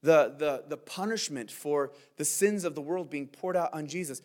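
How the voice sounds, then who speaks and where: A man's voice: fairly high pitch, moderate pace, few pauses, darkish tone. A male pastor giving a verse-by-verse sermon, earnest and conversational, often saying "man" and asking "right?".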